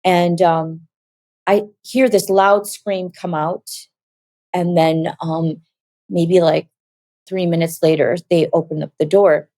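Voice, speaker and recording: A woman telling a personal story as an interview guest, animated and acting out quoted dialogue. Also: lowish voice, takes it slowly, no echo.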